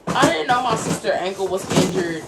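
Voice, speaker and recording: A woman's voice: mid-range voice, animated, a little fast. A young woman getting her hair braided tells playful stories in a casual livestream chat, often breaking into giggles. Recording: echoey room with faint background noise.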